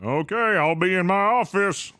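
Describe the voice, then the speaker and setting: A man's voice: sits high, moderate pace, bright, forceful tone, slight background noise, voice pushed up. Old frontier sheriff, played by a man; stubborn, stern, curt, raised and tight. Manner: curt and official. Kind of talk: western roleplay.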